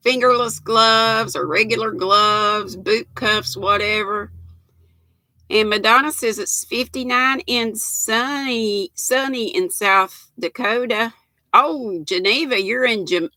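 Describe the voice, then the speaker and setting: An older Southern woman from North Carolina hosts a live stream, chatting in an unhurried, folksy way and greeting viewers by name. Her voice is bright with a gravelly edge, recorded close and dry. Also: a little high, no echo. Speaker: livestream host. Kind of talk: casual live-stream chat.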